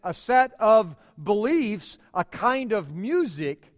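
A middle-aged male pastor preaching a sermon, emphatic, with dramatic pauses and repeated phrases. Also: high-pitched, sing-song, big-room sound.

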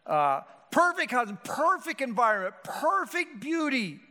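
A man's voice: extremely high pitch, big pitch swings, a little slow, bright, forceful tone. A male pastor preaching a sermon with emphatic, rhetorical delivery and frequent restarts. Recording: hall reverb.

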